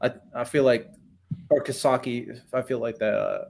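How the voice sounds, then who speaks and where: A man hosting a podcast in casual chat, relaxed as he reads viewer messages and gives his picks. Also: mid-range voice, normal speed, gravelly. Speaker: podcast host reading super chats.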